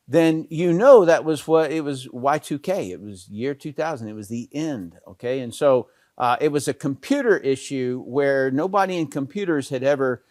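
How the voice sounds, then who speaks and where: Middle-aged male trainer, casual anecdotal talk, dry close sound, mid pitch. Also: no echo. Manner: storytelling, many fillers and restarts. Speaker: network marketing trainer.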